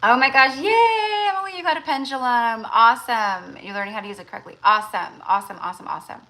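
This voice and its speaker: A woman's voice: mid-range voice, very fast, pushed and bright, low-quality recording. A woman hosting a tarot-reading livestream. She chats casually and rambles, with lots of fillers and restarts. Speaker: tarot reader and livestream host.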